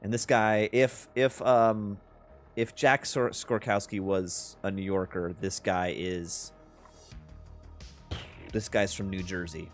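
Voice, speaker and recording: A man's voice: deep voice, fairly even intonation, takes it slowly, soft background music. Male game master narrating a tabletop game.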